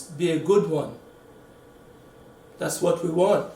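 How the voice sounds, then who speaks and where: A man giving a sermon, halting and repeating words, dropping to a quiet voice to stress a point. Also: fairly high pitch, expressive, vocal fry. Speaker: preacher. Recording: echoey room, mic at a distance.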